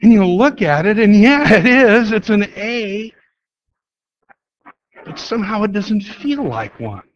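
A man with a high voice preaches a sermon and brings a story to life by acting out each person's lines. The recording sounds dull and lo-fi. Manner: storytelling, acts out dialogue, animated.

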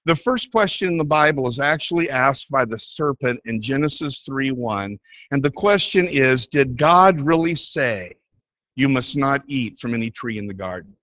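A man preaching a sermon, reading scripture aloud and pressing each question with rising, slowing emphasis. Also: medium pitch, dry recording, lo-fi sound.

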